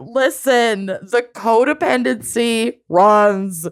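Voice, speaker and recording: A woman co-hosting a chatty true-crime podcast, bubbly and laughing, her voice swooping up high when excited. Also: slow. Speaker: podcast co-host. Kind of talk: casual chat.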